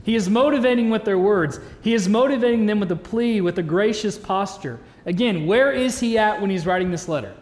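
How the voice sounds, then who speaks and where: A man's voice: high-pitched, fairly quick, hardly any pauses, a little mellow. A man in his thirties, a pastor, preaching a sermon in a church hall in an earnest, conversational way with joking asides. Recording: reverberant church hall sound.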